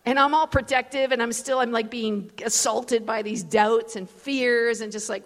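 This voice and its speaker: A woman preacher giving a storytelling sermon in a casual, animated way, full of fillers. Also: a little high, normal speed, big-room sound. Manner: conversational, animated, many fillers. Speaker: preacher, guest speaker. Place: large event hall.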